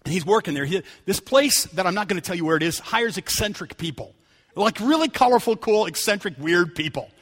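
A high-pitched man with a bright, forceful voice preaches a sermon in a church. He moves between easygoing storytelling and loud, emphatic appeals to the congregation. A long hall reverb trails behind every phrase. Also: expressive, brisk. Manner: storytelling, conversational with rising emphatic calls. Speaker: pastor. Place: church sanctuary.

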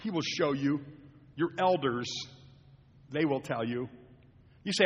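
A man's voice: on the high side, expressive, measured pace, pauses often, husky, in a large hall, highs cut off. An older man, a pastor and grandfather, preaching a sermon in a church, moving between folksy storytelling and fervent appeals to the congregation. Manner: conversational preaching, rising to fervent exhortation. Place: church sanctuary.

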